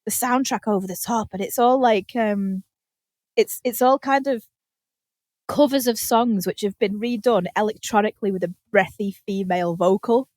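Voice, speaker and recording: A woman co-hosting a podcast in casual chat, telling rambling, animated stories and acting out the quotes. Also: mid-range voice, moderate pace, no echo. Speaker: podcast co-host. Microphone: podcast microphone.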